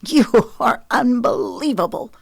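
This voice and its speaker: A woman voicing an angry, hurt young mother who snaps and shouts into the phone in an audiobook. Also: mid-range voice, lively intonation, moderate pace, no room sound, studio quality, voice pushed up, lightly acted. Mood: furious. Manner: sharp, heated, rising to shouts. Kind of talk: audiobook character voice.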